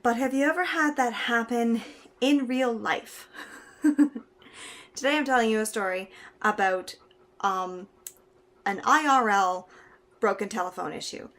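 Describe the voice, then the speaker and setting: A woman's voice: on the high side, measured pace, long pauses. Chatty young Canadian woman. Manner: chatty, animated, laughs while telling. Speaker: vlogger. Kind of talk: casual storytelling.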